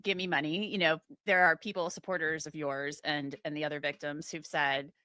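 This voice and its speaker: A woman's voice: deep voice, flat delivery, brisk, pushed and bright, no room sound. A woman interviewer asking probing questions and paraphrasing what her guest said.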